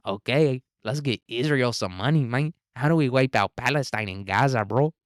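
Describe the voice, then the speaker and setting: A man's voice: mid-range voice, moderate pace, no echo, studio quality, natural voice. A man voicing a swaggering street-tough woman politician in a mock Mexican accent, drawling and laughing through it. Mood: scheming.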